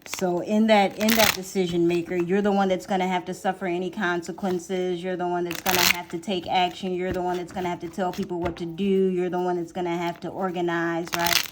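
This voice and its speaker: A woman's voice: fairly low pitch, little pitch movement, brisk, hardly any pauses, background noise. A woman giving a casual tarot reading, chatty and repeating her phrases for emphasis. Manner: drops to a whisper while drawing cards. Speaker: tarot reader.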